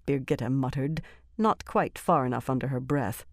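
Low-voiced woman narrating an audiobook. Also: moderate pace, no room sound, studio quality. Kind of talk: scripted fantasy narration.

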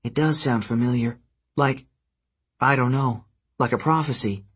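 A man voicing a caring, sympathetic teenage girl who speaks softly and apologetically. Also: medium pitch, unhurried, husky. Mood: concerned. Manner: soft, apologetic.

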